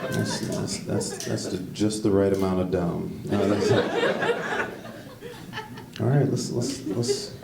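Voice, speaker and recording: Man, stand-up comic, gravelly voice, echoey room, distant noisy recording. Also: fairly low pitch, wildly swooping pitch, slow, pauses often. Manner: conversational, jokey asides to the crowd. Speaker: stand-up comedian. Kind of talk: stand-up comedy set. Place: comedy club stage. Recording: echoey club, mic heard from a distance, noisy. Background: audience laughter.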